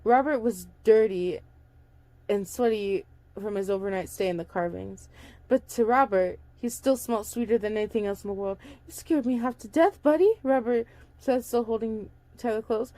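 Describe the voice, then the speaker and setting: A young woman reads a story aloud in a mellow, mid-range voice at a moderate pace, recorded with no room sound. Her casual audiobook reading includes stumbles, restarts, and chatty side comments.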